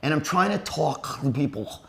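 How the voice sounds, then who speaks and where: A man's voice: a little high, normal speed, vocal fry. Profane man in his fifties telling stories. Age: 50s. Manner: profane, animated, rambling, addresses viewers directly. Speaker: host, storyteller. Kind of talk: crude comic storytelling.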